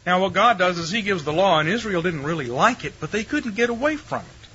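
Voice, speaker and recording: Through a muffled recording with slight hiss or hum, an older man lectures on theology to a live audience. His high voice is sing-song, brisk, and sharp, and he speaks wryly and conversationally, throwing rhetorical questions at the room.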